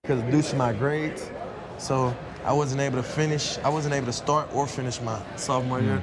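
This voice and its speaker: A man's voice: medium pitch, fairly even intonation, moderate pace. A young man, a college football player, being interviewed and answering in a laid-back, colloquial, laughing way. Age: young adult. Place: outdoors at a busy media event. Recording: noisy crowd behind. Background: crowd chatter.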